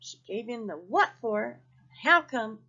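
A woman reads a picture book aloud to children with a high, bright voice that swoops and dances through the story. She pauses to ask her young listeners questions. The recording sounds muffled and lo-fi. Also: expressive, breathy edge. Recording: dull lo-fi recording.

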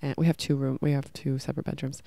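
Podcast lady telling her story, lots of "like", a bit of vocal fry, dry close sound. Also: rumbling low, flat delivery, fast, warm tone, no room sound. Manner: emotional, rambling, many fillers. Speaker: podcast host. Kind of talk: personal storytelling.

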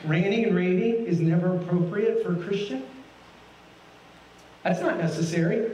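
A man's voice: sits high, moderate pace, dark tone, lo-fi sound, slight background noise. A middle-aged man preaching a sermon as a guest pastor, folksy and asking the congregation many questions. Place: church sanctuary. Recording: roomy, from a distance.

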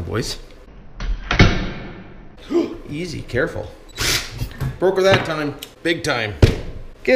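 In an echoey workshop with heavy background noise, a Canadian man with a medium-pitched voice and a Canadian accent vlogs casually while he works. He talks to his viewers, curses, and calls them "boys."

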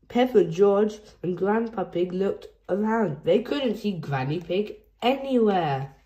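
A woman reading a children's picture book aloud in a gentle storytelling manner. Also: medium pitch, animated, slow, lo-fi sound. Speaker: storybook reader.

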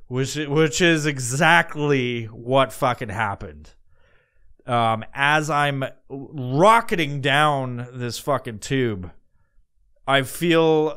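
A man's voice: medium pitch, clear, resonant tone. A man hosting a podcast, telling a comedic story casually, with lots of swearing and rambling asides. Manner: profane, rambling and animated. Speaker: podcast host.

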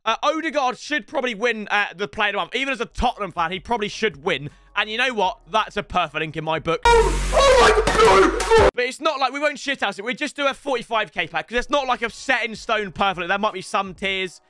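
A young man, chatting casually as he rates viewers' football game teams, swearing and breaking into loud yells. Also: sits high, animated, fast, few pauses, clean tone, no echo. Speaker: FIFA YouTuber rating viewer teams. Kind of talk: casual gaming commentary.

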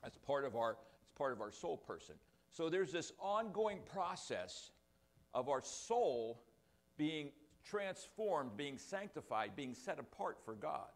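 A man's voice: a little high, sing-song, slow pace. An older man preaching a sermon to his congregation, with rambling, self-deprecating asides. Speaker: pastor. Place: church sanctuary.

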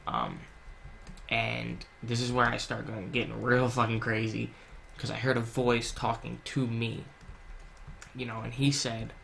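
While he plays, this gaming channel host shares a confessional personal story in an earnest, casual way, cursing a lot and repeatedly stumbling into fillers and restarted sentences. He speaks at a measured pace with a steady, medium-pitched, gravelly, fairly bright voice, over a little hiss or hum.

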